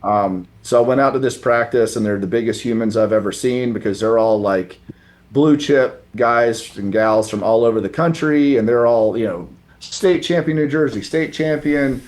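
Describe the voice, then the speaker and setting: A man's voice: medium pitch, moderate pace. A man guest on a podcast, casually telling a self-mocking story and acting out the voices of the people in it. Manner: animated, acts out the voices of people in his stories; relaxed, self-mocking, mild swearing. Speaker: podcast guest, former college thrower.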